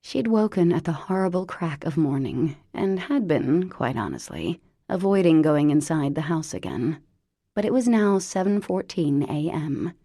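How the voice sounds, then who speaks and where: A woman reading an audiobook in a wry, deadpan narrating manner. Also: deep voice, normal speed, no echo, clean studio sound.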